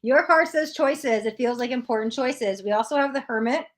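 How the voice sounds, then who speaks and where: A woman's voice: fairly high pitch, normal speed, a little hiss or hum. A woman reading tarot cards on a live stream, chatting with viewers and giving blunt readings. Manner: blunt, chatty, reads out chat comments.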